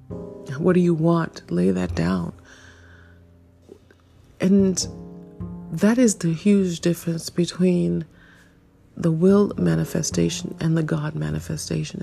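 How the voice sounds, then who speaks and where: Slow gravelly woman in her fifties. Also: on the low side. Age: 50s. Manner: searching, self-questioning, with soft laughs. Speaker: podcast host. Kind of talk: reflective solo monologue.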